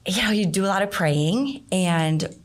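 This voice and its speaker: A middle-aged woman, a guest in an interview, telling a personal story in a casual, animated way, her voice leaping up when she acts out what people said. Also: medium pitch, unhurried. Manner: animated storyteller, voice jumps up for quoted outbursts. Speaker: interview guest, nonprofit founder.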